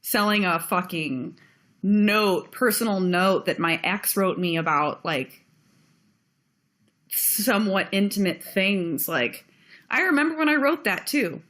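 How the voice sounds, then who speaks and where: A woman's voice: medium pitch, animated, slow pace, fairly bright tone. Blunt, heated young woman ranting. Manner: blunt, heated, swears freely. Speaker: vlogger. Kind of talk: ranting video commentary.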